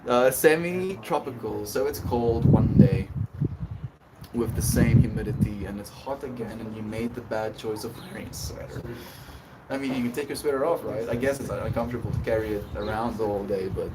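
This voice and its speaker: A man's voice: lowish voice, normal speed, recorded from a distance. A man livestreaming, chatting casually and laughing as he reads and answers messages from his chat. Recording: voice a bit off-mic with clear background noise.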